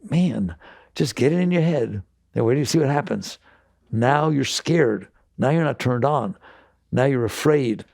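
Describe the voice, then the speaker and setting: Man, spiritual teacher; gravelly, dry close sound, emphatic and repetitive with rhetorical questions. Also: mid-range voice, lively intonation, a little slow, darkish tone, dry recording. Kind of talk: spiritual talk to an audience.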